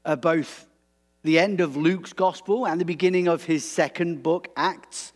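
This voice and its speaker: A man preaching a sermon in a relaxed, conversational way, animated and prone to restarts. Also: on the high side, unhurried.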